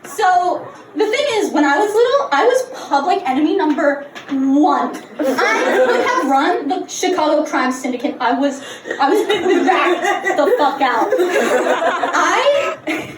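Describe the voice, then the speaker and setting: A woman's voice: sits high, big pitch swings, takes it slowly, background noise. A young woman of about nineteen doing a live stand-up set in a bar, telling brash, profane, self-mocking stories. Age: young adult, about 19. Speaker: stand-up comedian. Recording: roomy, distant bar recording with loud ambience.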